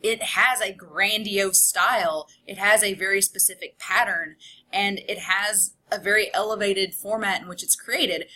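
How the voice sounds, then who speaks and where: A woman college instructor talks her class through a recorded lecture, her voice bright and clear. She explains in a relaxed, conversational way, full of examples and little asides. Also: mid-range voice, a little slow.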